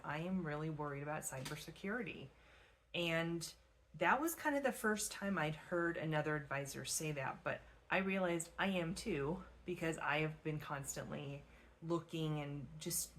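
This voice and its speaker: A woman's voice: low voice, a bit bright. A middle-aged woman, a financial advisor, talking casually to camera in a chatty way with frequent fillers and restarts.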